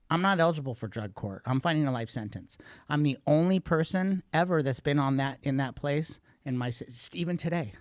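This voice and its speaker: A man's voice: mid-range voice, darkish tone, no echo. A man guest on a podcast, candidly telling a rambling, profanity-laced story about addiction and recovery. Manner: profane, blunt, rambling with restarts.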